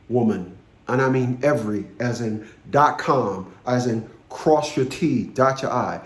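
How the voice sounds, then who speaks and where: A man's voice: mid-range voice, darkish tone, echoey room. A man in his fifties, ranting bluntly to camera and telling a story, profane and commanding, repeating phrases for emphasis. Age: 50s. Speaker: vlogger.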